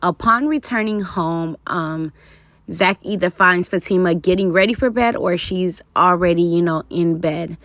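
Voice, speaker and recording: A woman's voice: fairly low pitch, unhurried, fairly bright tone, dry recording. A woman talking casually about a TV show, rambling with fillers as she works through her ideas. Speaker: TV commentator. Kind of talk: casual commentary vlog.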